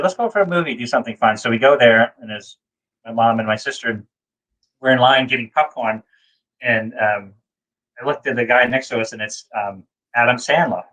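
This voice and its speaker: A man's voice: a bit bright, low-quality recording. A man from New England, co-hosting a casual chat and telling long, rambling anecdotes full of fillers. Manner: rambling storyteller, acts out quotes in a high voice. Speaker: co-host.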